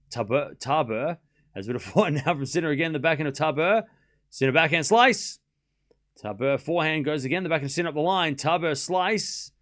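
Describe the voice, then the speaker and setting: Excitable man calling tennis live. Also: on the high side. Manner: excitable, calls rallies shot by shot and talks to chat. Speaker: streamer hosting a tennis watchalong. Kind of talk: live play-by-play commentary and chat.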